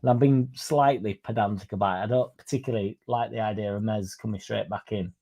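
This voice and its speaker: A man's voice: fairly low pitch, steady tone, fairly quick, dark tone. A young man hosting a football fan livestream, chatting sarcastically and reading out viewer comments. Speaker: fan channel host.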